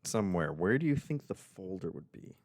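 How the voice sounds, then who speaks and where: A man's voice: low-pitched, big pitch swings, a little fast, a little mellow, no room sound, studio quality. A man streaming game demos, chatting casually and reacting as he plays. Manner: chatty, reads on-screen text aloud and reacts. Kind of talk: casual live-stream commentary. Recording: game music playing underneath. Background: game music.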